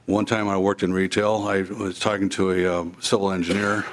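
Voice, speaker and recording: Deep-voiced father giving testimony. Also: flat delivery, moderate pace. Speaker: bereaved parent testifying. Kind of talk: formal testimony.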